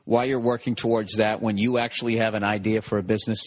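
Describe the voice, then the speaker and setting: A man's voice: lowish voice, little pitch movement, fast talker. A man who hosts a podcast and does stand-up, giving a casual, rambling ad read with swearing and self-mocking asides. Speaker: podcast host and stand-up comedian.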